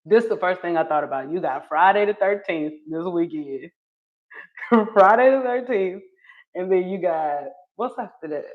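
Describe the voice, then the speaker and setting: This livestream host is a North Carolina woman who casually chats about her views, replies to viewer comments and laughs frequently. She has a low-leaning voice at a moderate pace, and the stream sound is dull and lo-fi.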